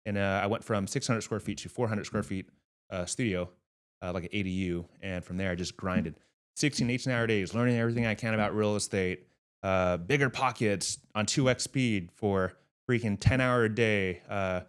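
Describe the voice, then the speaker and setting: Man, low voice, earnest, emphatic, casual interview guest. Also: normal speed, clear, resonant tone. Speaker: real estate investor guest.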